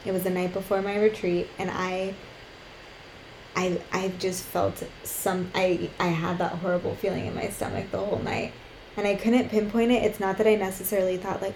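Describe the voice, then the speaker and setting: A woman's voice: lowish voice, steady tone, moderate pace, darkish tone, slight background noise. Candid woman telling a story in an echoey room. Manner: candid storytelling, swears freely, acts out quotes. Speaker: podcast co-host. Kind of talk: casual chat.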